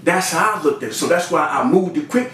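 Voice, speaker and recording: Male storyteller, slightly high voice, animated delivery, distant mic with faint noise. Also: fairly quick, echoey room. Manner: talks straight to listeners, repeats cues to remember; acts out other people's lines with big pitch jumps.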